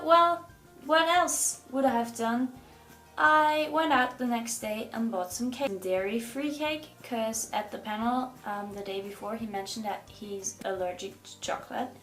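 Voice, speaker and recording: Excitable young woman telling fan stories. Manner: animated, acts out quoted dialogue with bursts of pitch. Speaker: vlogger. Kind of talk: casual storytelling vlog.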